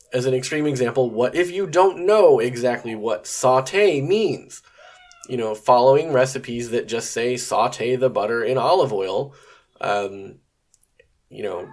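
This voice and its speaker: A man hosts a solo podcast in a casual, conversational way. His voice sits at an ordinary middle pitch. He rambles along with plenty of fillers and the occasional curse. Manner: conversational, rambling, frequent fillers and mild swearing. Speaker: podcast host.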